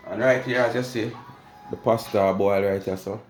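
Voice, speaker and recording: A man's voice: lowish voice, fairly even intonation, normal speed. Jamaican man chatting in an echoey kitchen. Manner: chatty, talks to viewers while cooking. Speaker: cooking vlogger. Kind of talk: casual cooking talk. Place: home kitchen. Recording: echoey kitchen with music behind.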